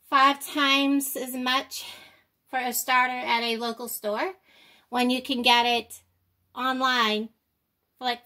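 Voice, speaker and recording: A woman's voice: high voice, pushed and bright. An older woman vlogging, out of breath, with slightly off speech, rambling and apologetic with many ums. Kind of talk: casual chat to camera.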